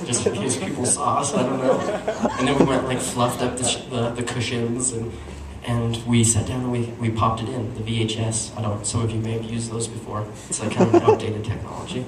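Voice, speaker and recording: A man performing a stand-up comedy story at a small live show, animated and breaking into squeaky voices for his characters. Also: brisk, hardly any pauses, a loud crowd. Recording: echoey room, distant mic, noisy.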